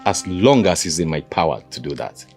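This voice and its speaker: An actor with a Nigerian accent playing a jovial, boastful king who laughs loudly and teases. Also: big pitch swings, a little fast, faint music behind. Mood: tender. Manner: booming laughter, expansive and teasing. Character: jovial, boastful African king, a grown man.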